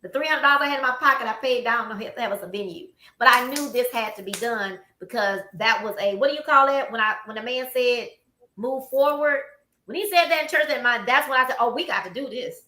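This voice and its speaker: A woman's voice: a little high, a little fast. A woman with a Southern US accent hosting a casual chat, telling stories with animation and acting out what people said. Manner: animated storytelling, acts out quotes. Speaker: host. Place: office room. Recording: echoey room.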